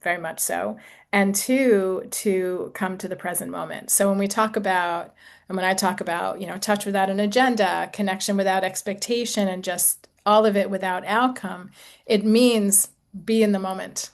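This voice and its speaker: A woman in her sixties, an intimacy coach talking gently and reflectively to a group, with casual fillers. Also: medium pitch, steady tone, normal speed, gravelly. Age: 60s. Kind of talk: talk to a group.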